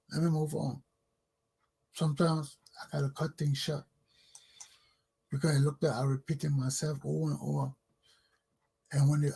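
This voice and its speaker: Liberian talk show guy, high pitched and kinda raspy, angry scolding rant that keeps repeating itself. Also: dark tone. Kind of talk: ranting monologue.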